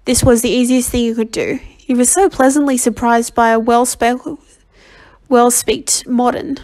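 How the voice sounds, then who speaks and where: Lady reading a storybook out loud, fairly high voice, slightly sick, trips over words and backs up to fix them. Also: steady tone. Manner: halting reading with frequent self-corrections. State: slightly ill and under the weather. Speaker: volunteer audiobook reader. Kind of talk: amateur novel reading.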